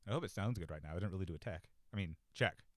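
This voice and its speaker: A man hosting a casual talk show, rambling and self-deprecating, swearing freely and filling every pause, on a cheap close mic. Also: low-pitched, dry recording. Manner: rambling, profane, self-deprecating, many fillers. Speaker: podcast host. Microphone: cheap desk mic, close.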